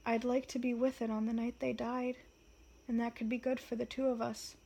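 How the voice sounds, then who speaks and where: A woman reads a weary middle-aged wizard father who speaks softly and haltingly. His voice stays quiet and fairly high. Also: level tone, gravelly. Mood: tender. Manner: soft, hesitant, quiet.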